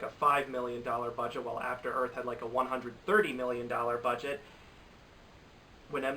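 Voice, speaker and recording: A man's voice: mid-range voice, pushed and bright. A young man reviewing movies in a casual, opinionated vlog, rambling and restarting his sentences. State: has a cold. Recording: slightly distant mic with faint hiss.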